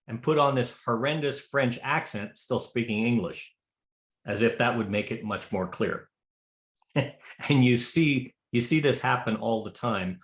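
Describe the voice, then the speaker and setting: A man's voice: medium pitch, normal speed. Chatty man lecturing in a roomy space. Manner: chatty, joking, many restarts. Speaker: square dance calling instructor. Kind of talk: presentation to a class of callers. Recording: roomy echo.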